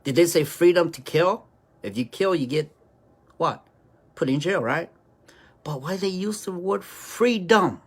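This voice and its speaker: Woman, slow and lively. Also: on the low side. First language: Hmong. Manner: rhetorical, keeps asking "right?". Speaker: commentator. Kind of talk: preachy opinion monologue.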